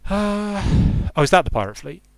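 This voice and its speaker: A man's voice: sits high, very animated, moderate pace, creaky, no room sound. A young man casually commenting on a strategy game he is streaming from home, thinking aloud and often breaking off mid-sentence. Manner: rambling, self-interrupting, thinking aloud. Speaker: game designer streaming gameplay. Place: hot room at home.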